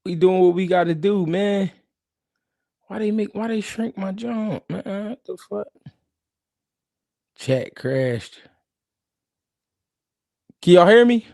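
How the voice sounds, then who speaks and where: Animated high-voiced male streamer. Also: slow, gravelly, pauses often, no echo, clean studio sound. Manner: animated, slangy, talks straight to chat. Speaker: live stream host. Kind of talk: casual live-stream chat.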